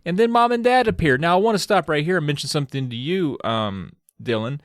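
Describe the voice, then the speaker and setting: Male podcast co-host, wry and teasing, mid pitch, dry recording. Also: lively intonation, fairly quick, no room sound. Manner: teasing, wry, retells the story in his own words. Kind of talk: casual chat and book retelling.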